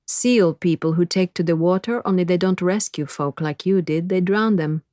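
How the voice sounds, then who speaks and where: A woman's voice: fairly low pitch, normal speed, dark tone, no echo, studio quality, lightly acted. A woman voicing a wary young female mechanic with a French accent and a wry, teasing manner.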